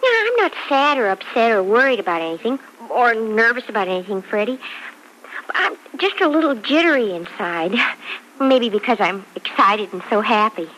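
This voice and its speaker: Bubbly young bride-to-be, giggly and lively, high and bright, old-time radio play. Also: female voice, moderate pace, a little hiss or hum, low-quality recording. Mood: tender. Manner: bubbly, giggly, exclaims "Crickets". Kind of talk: 1940s radio acting.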